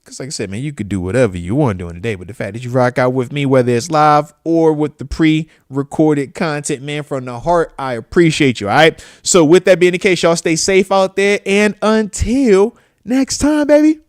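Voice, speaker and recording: A man in his thirties hosts a live-stream talk show with a fairly high voice. He talks in a loose, slangy, animated way, repeating phrases and shouting out friends and viewers. The sound is dry, with no echo from the room. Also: normal speed. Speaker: show host, former football player.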